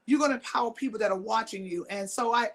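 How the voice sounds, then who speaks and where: Fast and on the high side, a middle-aged woman from Mississippi delivers a motivational talk. She speaks emphatically, repeats her key lines, and challenges the audience with questions.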